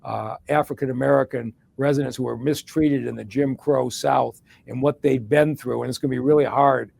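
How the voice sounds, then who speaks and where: A man's voice: mid-range voice, fairly even intonation, normal speed, vocal fry, darkish tone, husky. A middle-aged man from Detroit answering an interview question in a long, plain-spoken story. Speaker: guest, former hospital executive and mayor.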